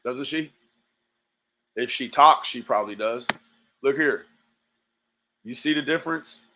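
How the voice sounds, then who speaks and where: A man's voice: medium pitch, measured pace, sharp tone, slight background noise. A man hosting a livestream, talking casually, profane and taunting, calling out to viewers by nickname. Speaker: livestream host.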